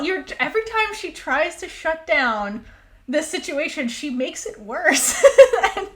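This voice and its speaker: A woman's voice: high-pitched, very animated, normal speed, fairly bright tone. A woman co-hosting a podcast, recapping an episode in casual chat, acting out quotes, swearing and laughing often. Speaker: podcast co-host.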